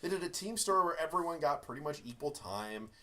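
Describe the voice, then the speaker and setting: A man co-hosting a podcast, chatting casually about a movie with jokes and the odd swear word. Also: a little high. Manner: animated, swearing, quick jokes. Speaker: podcast co-host. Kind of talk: casual movie review chat.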